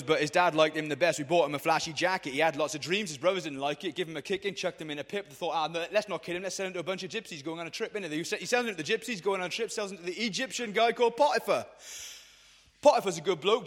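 A young man with a fairly high voice tells a Bible story to a youth group in lively, slangy speech, jumping in and out of the characters' voices. His voice rings out with a long reverb from the hall he speaks in. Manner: energetic and slangy, acting out quoted voices.

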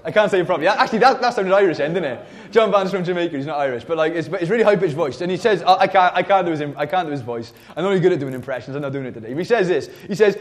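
A man in his forties delivers a church sermon with a high, very lively voice that climbs and dips constantly. He keeps it conversational and jokey, addressing the congregation directly. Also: racing, few pauses. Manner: animated, jokey, conversational preaching. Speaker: preacher. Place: church service.

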